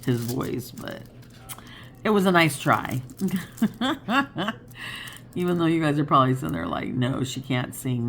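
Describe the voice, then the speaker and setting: A woman's voice: rumbling low, creaky, a little hiss or hum. A woman in her fifties hosting a casual crafting chat, rambling and chatty and laughing often. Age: 50s. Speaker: crafting channel host.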